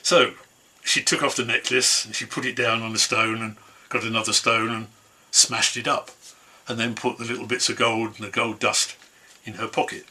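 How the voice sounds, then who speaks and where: A man's voice: medium pitch, little pitch movement, normal speed, sharp tone, breathy edge. A man telling a traditional folk tale in an easygoing, conversational way, from an online concert. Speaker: storyteller.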